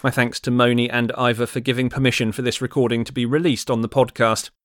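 A man hosting a podcast, reading a brisk, plain closing announcement. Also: medium pitch, level tone, a bit bright, dry recording, clean studio sound, some chatter behind. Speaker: podcast host. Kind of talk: scripted podcast outro.

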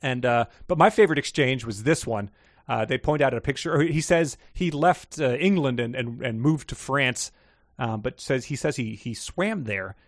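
A male co-host in a casual chat, wry and quick to joke. His voice is mid-pitched and recorded dry and close, with no room sound. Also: lively intonation, no room sound. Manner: wry, joking, chatty. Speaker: podcast co-host. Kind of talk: casual book discussion.

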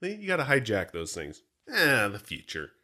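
A man's voice: mid-range voice, normal speed, crowd noise. A man co-hosting a podcast in casual chat, joking and poking fun at himself. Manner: joking, self-mocking, animated. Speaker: podcast co-host.

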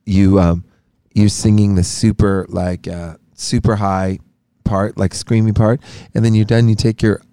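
A man's voice: fairly low pitch, level tone, measured pace, hardly any pauses, dark tone, clean tone, dry recording, studio quality. A man who plays in a band, chatting casually as a podcast guest and rambling with lots of fillers. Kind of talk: casual chat.

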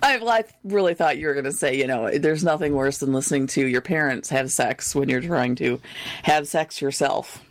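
A woman's voice: a bass voice, normal speed. A middle-aged woman co-hosting a podcast in casual chat, laughing often and asking questions. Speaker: podcast co-host.

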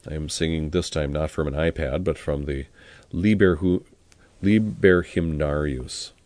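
A man teaching about a Latin hymn, talking it through in a relaxed way and singing the plainsong verses. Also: very deep voice, a little slow, no echo. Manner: relaxed explanatory talk with fillers. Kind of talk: spoken explanation and sung Latin hymn.

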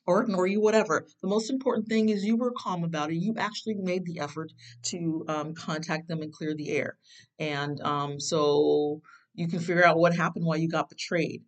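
A self-help speaker in an easy, rambling way, full of fillers and false starts, with a voice of middling pitch. Questions jump sharply upward in pitch. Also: low-quality recording. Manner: rambling and conversational, with many fillers and restarts; sudden jumps in pitch on questions. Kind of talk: casual advice talk.

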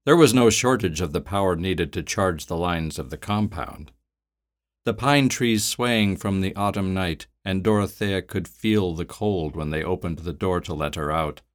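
A scripted story is read aloud by a man whose voice is very deep and low. He keeps a measured, steady delivery like an audiobook narrator.

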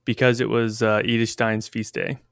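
Excitable man on a podcast, dry sound. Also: fairly low pitch, moderate pace, creaky, no room sound. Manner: excitable, enthusiastic. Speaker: military chaplain. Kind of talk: casual podcast chat.

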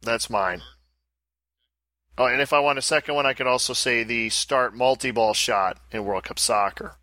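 A man's voice: medium pitch, moderate pace, bright, forceful tone, dry recording. A man co-hosting a casual pinball podcast, joking and self-deprecating in loose banter. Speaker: podcast co-host.

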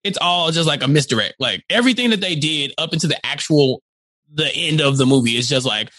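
A man co-hosting a casual movie podcast, talking in an animated way and acting out quotes. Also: on the high side, a little fast, no echo. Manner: animated, acts out quotes in voices. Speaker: podcast co-host.

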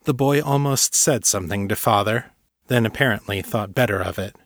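A man narrating a fantasy audiobook in a steady, measured way. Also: fairly low pitch, dry recording, studio quality. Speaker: narrator and author.

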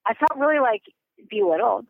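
A young woman on a phone call as a podcast guest, talking in an excitable, rambling way with many fillers. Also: on the high side, fairly quick, vocal fry, no echo. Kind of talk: phone interview. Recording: tinny phone line.

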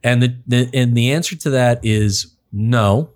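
A man's voice: mid-range voice, unhurried, darkish tone. A man co-hosting a podcast, chatting casually in a laid-back way and laughing often. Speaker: podcast co-host.

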